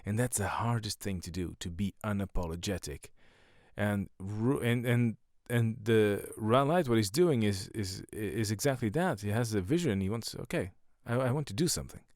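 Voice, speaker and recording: A man's voice: on the low side, moderate pace, a little mellow, no room sound, clean studio sound. A man, a stand-up comedian and podcast host, talking in a rambling casual monologue full of swearing and self-mocking jokes.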